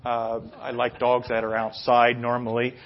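Rambling middle-aged pastor on dull audio. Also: male voice, medium pitch, normal speed. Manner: rambling, self-deprecating anecdotes that build to loud, excited retelling. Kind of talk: sermon with personal storytelling.

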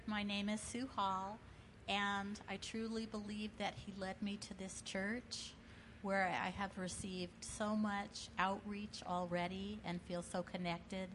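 A woman's voice: medium pitch, fairly bright tone, a little hiss or hum. Earnest woman's church testimony. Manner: earnest, grateful. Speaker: congregation member sharing testimony. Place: church sanctuary.

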